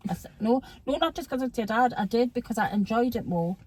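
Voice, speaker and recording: A woman's voice: on the high side, lively intonation, fast, a little mellow, slightly rough. A woman in her fifties with a Geordie accent, chatting casually and teasing her daughter in a blunt, jokey way. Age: 50s. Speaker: guest, host's mother. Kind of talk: casual chat.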